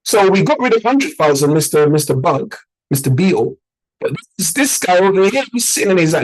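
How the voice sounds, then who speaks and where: A man teaching in an informal, animated way, using everyday analogies and repeated sound effects to make his points. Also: a little high, fairly quick, breathy edge, low-quality recording. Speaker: trading educator.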